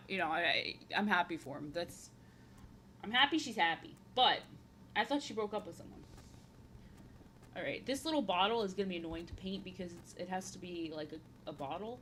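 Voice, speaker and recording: A woman's voice: mid-range voice, lively intonation, fairly quick, a bit bright, slight background noise. A woman in her thirties chatting casually while painting on a stream, rambling and repeating her own phrases, playful and prone to slipping into silly voices.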